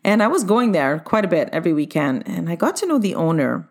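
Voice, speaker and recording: A woman's voice: fairly low pitch, sing-song, fast. A middle-aged woman who owns a dance studio, telling her own story in a chatty, upbeat way and speaking straight to her listeners. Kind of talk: personal storytelling monologue.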